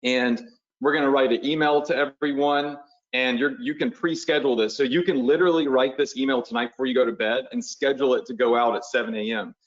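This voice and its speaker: A fast-talking man with a mid-range voice and fairly even intonation teaches a live online webinar as a business coach, casually guiding viewers through steps while drawing on screen. He keeps it conversational, saying "y'all" and checking in with "right?". The webinar audio is slightly dull and lo-fi.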